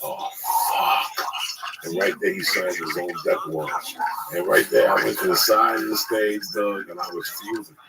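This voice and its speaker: A man who is a stand-up comedian, telling a heated, profane story in casual chat, recorded on a distant mic with loud noise behind. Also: fairly low pitch, steady tone, normal speed, creaky.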